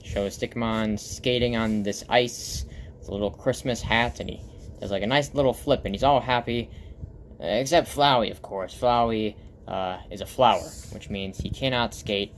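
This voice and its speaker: Raspy male vlogger, rambling show-and-tell, ordinary pitch, faint background hiss. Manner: rambling, many fillers and restarts. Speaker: comic artist and vlogger.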